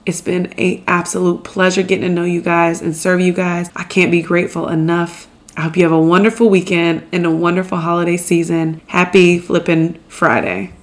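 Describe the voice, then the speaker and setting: A woman's voice: lowish voice, steady tone, normal speed, few pauses. Emphatic woman giving a motivational pep talk. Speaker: podcast host. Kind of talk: motivational monologue.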